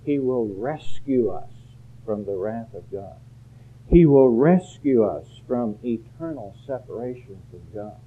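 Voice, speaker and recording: A man preaching a sermon earnestly, building to emphatic, louder peaks. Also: mid-range voice, expressive, a little slow, breathy edge. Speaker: pastor. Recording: phone-like narrow band.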